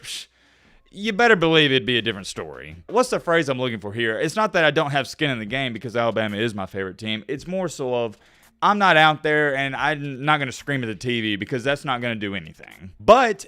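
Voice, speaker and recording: A man's voice: medium pitch, bright, forceful tone. A man ranting sarcastically and directly to viewers in sports commentary. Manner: heated, sarcastic, talks straight to viewers.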